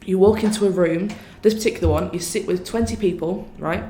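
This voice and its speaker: A woman's voice: medium pitch, fairly quick, warm tone. A young woman, chatting casually as a podcast guest, laughing often and swearing freely. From northern England. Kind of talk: casual chat. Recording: roomy room, faint noise.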